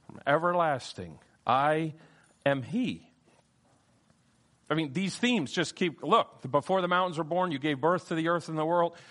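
A man preaching a verse-by-verse Bible lesson with a somewhat high voice. He hammers on key phrases, repeating them and letting his voice leap and drop for emphasis. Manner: emphatic, repeats key phrases, wide swings in pitch and loudness. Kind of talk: Bible teaching sermon.

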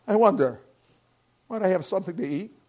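A man voicing a quiet, dignified stranger in a read-aloud story, speaking simply and calmly with a husky tone. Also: high-pitched, a little fast, pitched above the performer's own voice. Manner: simple, calm, soft-spoken.

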